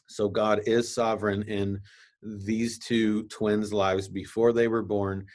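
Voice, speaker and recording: A man hosting a podcast, reading scripture aloud and explaining it in a casual, halting way with asides. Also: on the low side, a little mellow. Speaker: podcast host. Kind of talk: casual Bible teaching.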